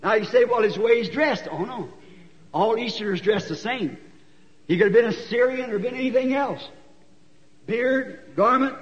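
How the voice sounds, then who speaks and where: Folksy preacher, a man with a very high voice, storytelling that climbs to shouts, dull old recording. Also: normal speed. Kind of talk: sermon. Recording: dull recording with long hall echo.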